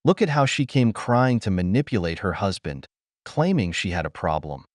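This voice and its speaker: A man's voice: on the low side, sing-song, moderate pace, no room sound, studio quality. A man hosting and narrating a scripted voice-over, preaching directly to male viewers. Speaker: host and narrator.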